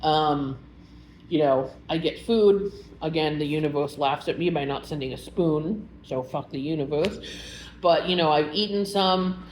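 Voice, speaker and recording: A woman's voice: sits low, measured pace. A young woman telling a personal story in a casual vlog, rambling and emotional, with many filler words. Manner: chatty, rambling, full of "like" fillers; emotional, animated retelling. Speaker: vlogger. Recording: roomy echo with faint background hum.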